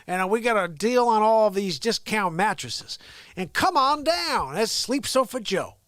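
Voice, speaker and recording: A man voicing a sleepy old male politician who rambles slowly and mumbles while pitching discount sofas. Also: big pitch swings, fairly bright tone, no room sound, studio quality. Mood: sleepy salesman. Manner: drowsy, slow, mumbling and rambling.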